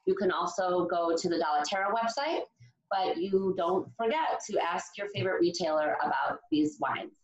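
A woman's voice: lowish voice, normal speed, a crowd in the background. A woman co-hosting a wine show, chatting with enthusiasm over a call. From Chicago area, USA. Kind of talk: casual video-call chat. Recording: roomy, slightly dull video-call audio.

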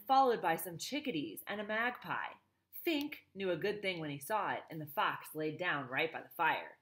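A woman's voice: on the low side, expressive, normal speed, fairly bright tone. Woman reading a storybook aloud. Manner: chatty asides to listeners. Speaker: reader.

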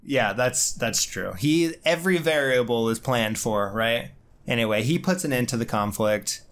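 A man hosting a loose podcast chat, joking around, swearing without a care and laughing through his lines. His voice sits at an everyday middle pitch. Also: lively intonation, moderate pace, fairly bright tone. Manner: joking, profane, laughs often. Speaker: podcast host. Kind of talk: casual chat.

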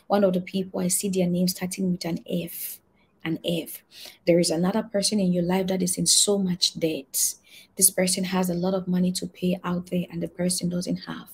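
A woman pastor giving an earnest prophetic testimony and prayer, repeating key phrases and moving between soft murmurs and shouted prayer. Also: lowish voice, breathy edge.

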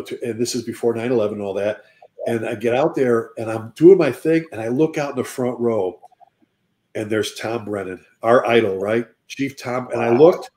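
Fire service veteran, animated storyteller, relaxed mellow voice. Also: male voice, medium pitch. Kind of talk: casual chat.

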